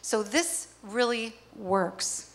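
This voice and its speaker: A woman's voice: on the high side, drawn-out words. A woman speaking on a theater stage, giving a motivational talk and acting out little scenes as she goes. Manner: lively, acts out little scenes.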